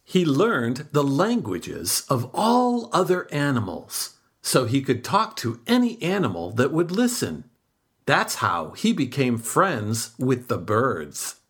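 A woman reading a children's folk tale aloud, slow and expressive, her pitch swooping on key words. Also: husky. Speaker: storyteller. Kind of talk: storybook read-aloud.

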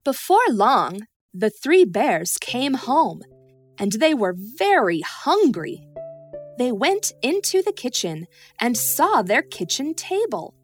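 A woman tells a children's storybook in a high, slow, very lively voice, lingering over each phrase. Her tone swings up and down in a sing-song way. Soft music plays quietly beneath her. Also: husky.

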